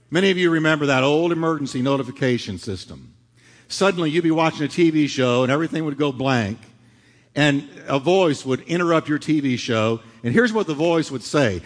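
A middle-aged male pastor preaching a sermon, swinging from loud, dramatic lines to hushed ones. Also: fairly high pitch, brisk. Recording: long hall reverb.

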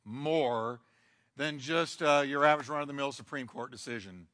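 A male pastor preaching a sermon emphatically, with sweeping shifts in pace and dramatic pauses, in a church. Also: medium pitch, a bit bright. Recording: long hall reverb.

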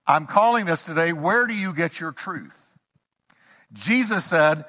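Male pastor preaching, voice kinda high and swinging all over, long echo from the sanctuary. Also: very animated, measured pace, bright, forceful tone. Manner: emphatic preaching with rising repeated questions. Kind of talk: sermon. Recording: long hall reverb.

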